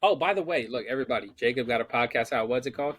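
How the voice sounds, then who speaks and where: A man's voice: mid-range voice, rapid-fire. A young man co-hosting a podcast, telling profane stories in casual chat and acting out what people said. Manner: profane, animated storyteller acting out quotes. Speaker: podcast co-host.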